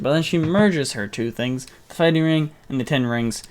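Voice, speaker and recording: A young man co-hosting a podcast, casually retelling a movie in a rambling, jokey way with quick mock voices. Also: a little high, slight background noise. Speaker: podcast co-host. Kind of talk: casual movie recap chat.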